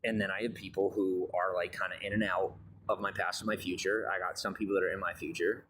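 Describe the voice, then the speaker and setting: A man's voice: low-pitched, little pitch movement, fast, fairly bright tone, slight background noise. A man giving a grandiose, meandering monologue about his life and advice. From raised on a farm. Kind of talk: rambling monologue.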